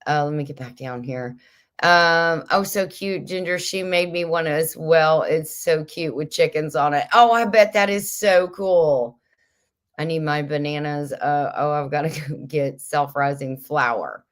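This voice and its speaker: A middle-aged woman with a notably low voice chats through viewer comments on a casual livestream. She is playful and kooky and laughs easily. She sounds a little stuffy, as if nursing a mild headache. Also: a little slow. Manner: chatty, kooky, laughs often. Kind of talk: casual chat.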